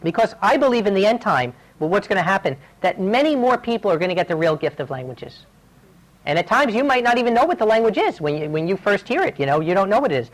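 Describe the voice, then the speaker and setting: A man's voice: sits high, big pitch swings, fast, low-quality recording. Male preacher, sermon voice, earnest storytelling, urgent delivery. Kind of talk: sermon with personal stories.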